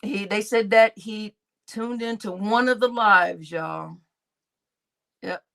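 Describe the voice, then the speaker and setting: A woman's voice: medium pitch, slow, vocal fry, fairly bright tone. A middle-aged woman chatting on a live stream, reading out chat names, laughing often and swearing freely.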